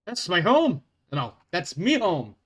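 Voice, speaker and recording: Man putting on a gruff Scottish dwarf. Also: high-pitched, huge pitch swings, takes it slowly, a bit bright, pitched above the performer's own voice, full character voice. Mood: proud. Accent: put-on Scottish. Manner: boisterous, swearing. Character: gruff male dwarf bounty hunter, crude and cocky.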